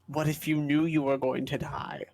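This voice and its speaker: A man voicing a sickly masked male pilgrim who speaks in a slow, solemn, cryptic way. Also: fairly high pitch, little pitch movement, creaky, a little mellow, dry recording. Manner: slow, solemn, odd delivery.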